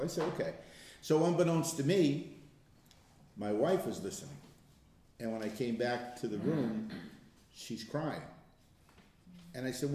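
A man's voice: medium pitch, lively intonation, normal speed, pauses often, a little mellow, slight background noise. An older man leading an informal Bible study, telling stories in a conversational way and laughing often. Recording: very echoey room.

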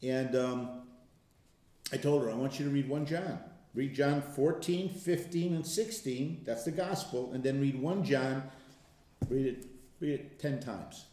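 A man's voice: mid-range voice, measured pace, mellow. An older man leading an informal Bible study, telling stories in a conversational way and laughing often. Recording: very echoey room.

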